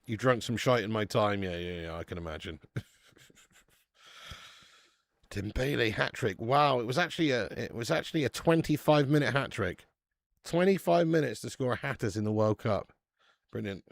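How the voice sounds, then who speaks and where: A man's voice: medium pitch, animated, normal speed, vocal fry, long pauses, no room sound. A man hosting a live football watch-along, chatty and laddish, swearing and calling viewers mate and lad. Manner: bursts out loud at match chances.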